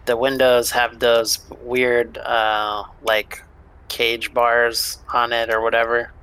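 A man's voice: mid-range voice, little pitch movement, slow, sharp tone, clean tone, low-quality recording. A man narrating a tabletop game as game master, in a loose, casual way with many fillers.

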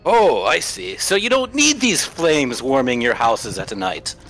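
Bright, lively-voiced man playing a tabletop game. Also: a little high, measured pace, creaky, faint music behind, poor audio. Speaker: player. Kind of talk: casual tabletop play.

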